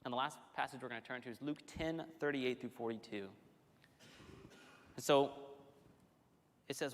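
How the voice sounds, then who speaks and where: A male pastor preaching a sermon in a church, telling the story in an animated, conversational way with frequent restarts. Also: medium pitch, moderate pace, pauses often. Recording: long hall reverb.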